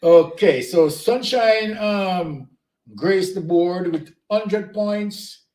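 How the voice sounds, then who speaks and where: An easygoing man co-hosts a trivia stream, calling out points and welcoming viewers. His voice sits slightly high, and a roomy echo hangs around his home desk mic. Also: extremely slow. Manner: loose, easygoing delivery with warm greetings. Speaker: co-host and scorekeeper of an online trivia stream. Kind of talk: casual live-stream chat, announcing scores.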